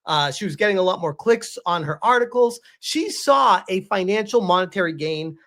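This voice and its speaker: A man's voice: high voice, expressive, moderate pace, a bit bright. A man giving casual, emphatic commentary as he reacts to a clip, laughing often.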